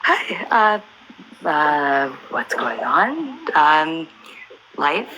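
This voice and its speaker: Blunt, sweary woman with a bright voice. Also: deep voice, sing-song, drawn-out words, slight background noise, poor audio. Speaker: guest. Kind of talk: casual chat.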